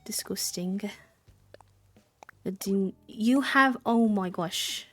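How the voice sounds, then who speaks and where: A woman's voice: mid-range voice, slow, a bit bright. A young woman streaming a game live, chatting in a rambling way, answering her chat and thanking subscribers. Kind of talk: casual live-stream chat while gaming.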